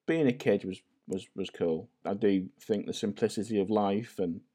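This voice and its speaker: North welsh guy in his 40s, kinda scouse sounding, lowish voice, chatty and self-deprecating on a video call. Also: moderate pace, mellow. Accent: North Welsh with a Scouse-like twang. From North Wales. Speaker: podcast guest. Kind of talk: casual chat.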